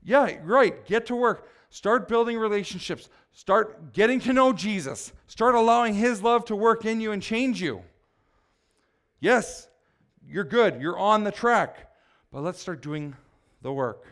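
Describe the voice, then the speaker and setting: A middle-aged man preaching a blunt, exhorting sermon, swinging between loud pushes and quiet asides. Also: high voice, unhurried.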